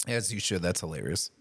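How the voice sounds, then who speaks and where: A man co-hosting a podcast in casual chat, laid-back and high, laughing often and swearing. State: high on marijuana. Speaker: podcast co-host.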